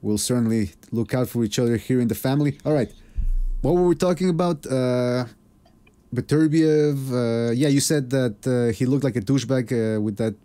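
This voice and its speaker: A man's voice: medium pitch, moderate pace, warm tone. A man hosting a live podcast in casual chat, laid-back and rambling with plenty of fillers. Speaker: podcast host.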